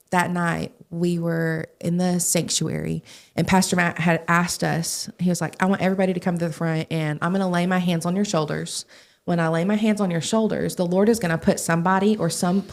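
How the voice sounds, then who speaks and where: A young adult woman, a young adult pastor, telling stories in a podcast interview, animated and acting out the voices of the people she quotes. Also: on the low side, normal speed, creaky. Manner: animated, acts out quoted voices, laughs often. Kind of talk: casual storytelling in a podcast interview.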